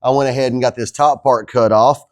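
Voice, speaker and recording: Man, casual, joking, garage DIY vlog, middle pitch. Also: steady tone, a little fast. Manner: joking, laid-back, talks to viewers as guys. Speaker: DIY truck builder.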